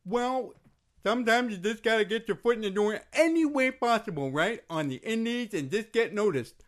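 A man voicing a deadpan, oblivious woman wrestler with a put-on Irish accent in a comedy podcast sketch. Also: sits high, moderate pace. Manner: deadpan, flat delivery.

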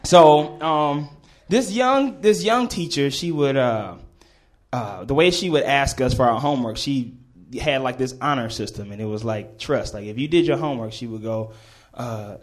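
A man's voice: mid-range voice, lively intonation, normal speed. A man telling a comedic story to a live audience, laughing and acting out the voices of the people in it.

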